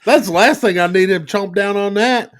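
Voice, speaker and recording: A man's voice: high-pitched, normal speed. A middle-aged man hosting a podcast, telling stories in casual, profane chat with frequent laughs. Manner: profane, animated storytelling with laughs. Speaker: podcast host.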